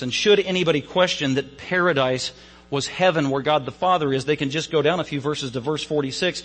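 A man's voice: a little high, brisk, fairly bright tone, big-room sound, faint music behind, low-quality recording. A man preaching an Easter sermon as a pastor, emphatic and repeating phrases for stress.

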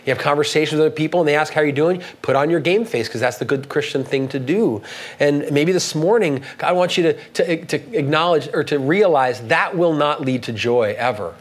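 A man preaching a sermon as pastor, talking earnestly and rising in pitch when he reads scripture aloud. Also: brisk.

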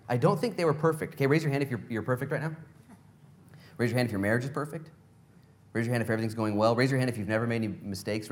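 A man preaching a sermon, animated and playful, telling stories in acted voices and asking the congregation direct questions. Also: on the low side. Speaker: pastor.

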